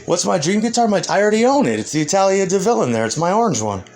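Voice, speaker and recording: A man's voice: high voice, sing-song, quick pace, darkish tone. A man, a musician, in a rambling and profane rant, combative and heated. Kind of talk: ranting monologue.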